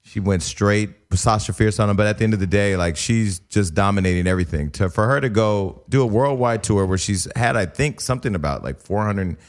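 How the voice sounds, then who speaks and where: A man's voice: lowish voice, brisk, hardly any pauses. A man hosting a radio show, chatting in brash, profane, joking banter. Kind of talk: casual banter.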